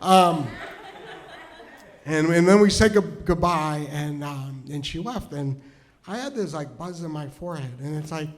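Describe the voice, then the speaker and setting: Storytelling comic, male, higher-pitched voice; rambling, full of restarts, drops to a hush and rises to shouts. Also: expressive, unhurried. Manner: rambling, lots of stammered restarts and "like"; swings from hushed and tender to loud and shouting. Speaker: storytelling comedian. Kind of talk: stand-up storytelling. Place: stage before a live audience.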